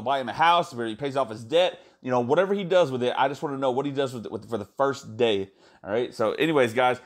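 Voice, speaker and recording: A man talking fast and excitedly in a casual vlog, swearing a lot and calling his viewers "guys.". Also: mid-range voice. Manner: excited, profane, repeats "guys". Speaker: crypto YouTuber.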